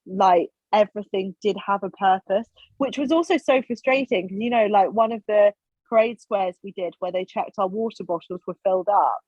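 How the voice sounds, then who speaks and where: Her mid-range voice moves at normal speed as she recounts stories on a podcast where she's a guest. Chatting casually, she animatedly acts out the lines of others. No room sound comes through, and the recording is dry and slightly dull.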